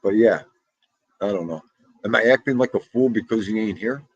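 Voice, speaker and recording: A man's voice: fairly low pitch, moderate pace, slightly rough, dry recording, lo-fi sound. A middle-aged man, hosting a livestream and chatting casually and chattily with viewers, laughing as he goes. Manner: chatty, laughing, talks back to the chat. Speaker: livestream host. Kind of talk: casual chat with live viewers.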